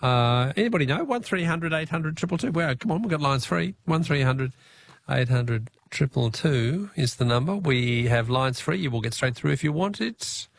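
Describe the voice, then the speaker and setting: Lively Australian radio quiz host. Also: male voice, fairly high pitch, vocal fry, dry recording. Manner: chatty, laughs easily, quick asides. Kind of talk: talkback radio quiz with callers.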